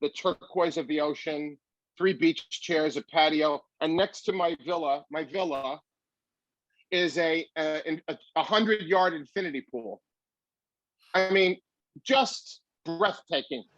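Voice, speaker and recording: A comedian as a guest, telling a long story with animated delivery. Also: male voice, fairly high pitch, slow, no room sound, muffled recording.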